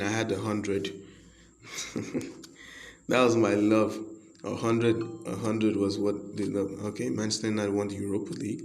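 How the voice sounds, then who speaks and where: A man's voice: lowish voice, slight background noise. A man from Nigeria giving casual, rambling commentary while playing a football management game. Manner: chatty, rambling, quick to get excited. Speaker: gaming video creator. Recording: roomy echo.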